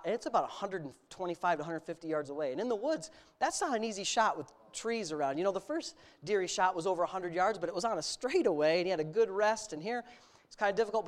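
Bold storytelling preacher man. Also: high voice. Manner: storytelling, bold and exhorting, rising to loud emphasis. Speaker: pastor. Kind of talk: sermon.

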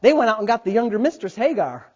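A man in his thirties, a pastor preaching a sermon, telling stories with big swings from quiet asides to loud, laughing bursts. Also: sits high, sing-song, fast, breathy edge. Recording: dull lo-fi sound.

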